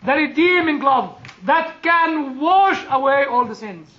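A male chaplain delivers a sermon in an unusually high voice. He speaks very slowly and earnestly, stressing key words and letting softer phrases fade. The recording sounds dull and lo-fi. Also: expressive. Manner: earnest, emphatic, lets quieter phrases trail off. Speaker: chaplain and preacher. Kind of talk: sermon with personal storytelling.

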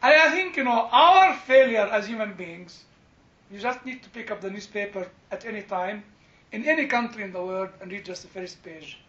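An older theology lecturer with a high, bright voice gives an informal classroom talk at a normal speed, expressively and with interaction from the class. He wanders into anecdotes, laughs a lot, and leans on "you know," all captured in a dull, echoey lecture-hall recording.

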